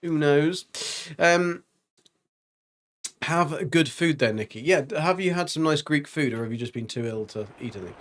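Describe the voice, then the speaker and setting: A man's voice: fairly high pitch, expressive, normal speed. A man streaming a video game, chatting casually and rambling with jokes and silly sound effects. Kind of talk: casual gameplay commentary.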